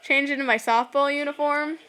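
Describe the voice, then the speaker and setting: A woman's voice: sits high, fairly even intonation, fairly quick, sharp tone, poor audio. A teenage girl rambling casually into her camera at home, full of "like" and giggly asides. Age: teens. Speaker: vlogger. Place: home, indoors. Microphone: camera set on a shelf.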